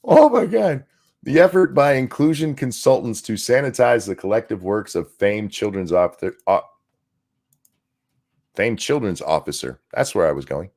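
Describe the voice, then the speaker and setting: A man's voice: fairly low pitch, animated, normal speed, a little mellow. A man co-hosting a casual comedy podcast, reading headlines aloud and mocking them sarcastically. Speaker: podcast co-host.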